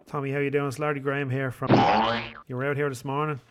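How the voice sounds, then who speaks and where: A man's voice: medium pitch, flat delivery, fast, heavy background noise. A man hosting a radio prank call, asking questions in a mock-official tone.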